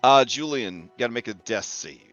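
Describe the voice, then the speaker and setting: A man running a tabletop game as game master, casual and quick with jokes and swearing. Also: mid-range voice, animated, a bit bright, muffled recording, faint music behind.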